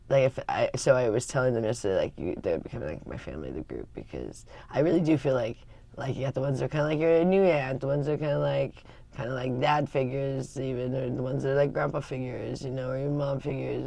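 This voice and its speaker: Rambling woman with a gravelly voice. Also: very deep voice, a little mellow, dry recording. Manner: rambling, with many fillers and restarts. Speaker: vlogger. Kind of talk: casual morning chat.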